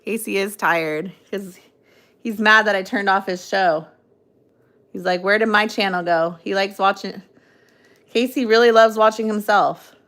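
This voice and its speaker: A woman's voice: medium pitch, steady tone, a little slow, long pauses, a bit bright. A young adult woman hosting a casual phone livestream, rambling, reading out viewer comments and cooing at her dog. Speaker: livestream host.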